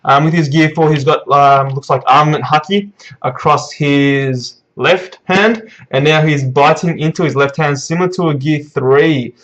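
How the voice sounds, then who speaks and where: A man's voice: on the high side, normal speed, fairly bright tone. A man giving a casual live reaction to a manga chapter, rambling with frequent fillers and swearing. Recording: dull lo-fi recording.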